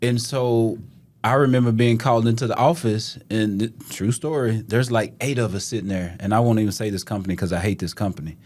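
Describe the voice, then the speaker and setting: A man from Texas, telling animated stories in a casual podcast chat and acting out the dialogue. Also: lowish voice, brisk. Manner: animated storyteller, acts out quoted dialogue. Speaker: podcast guest.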